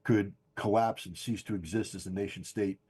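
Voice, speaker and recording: An older man giving forceful, insistent political commentary as a guest, hammering home his points by repeating them. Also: on the low side, steady tone, moderate pace, breathy edge. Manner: emphatic, insistent, repeats key phrases. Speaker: guest analyst. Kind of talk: political commentary on a podcast stream.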